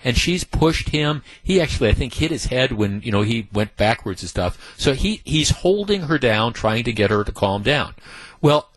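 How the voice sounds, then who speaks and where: A male talk radio host speaks with a husky, slightly rough voice at an ordinary pitch. His commentary is indignant and emphatic, and he piles up rhetorical questions. The studio sound is dry and close, with no room echo.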